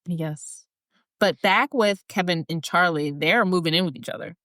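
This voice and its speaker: A woman's voice: fairly low pitch, moderate pace, fairly bright tone, no room sound, clean studio sound. A woman co-hosting a podcast, chatting casually about a movie with playful, jokey remarks. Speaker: podcast co-host. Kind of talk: casual movie recap chat.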